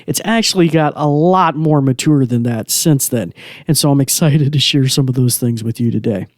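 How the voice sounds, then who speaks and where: A man's voice: medium pitch, moderate pace, no echo. A man hosting a casual tech tutorial podcast from a small studio, talking loosely with plenty of fillers while demonstrating. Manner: chatty, loose, many fillers. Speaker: podcast host.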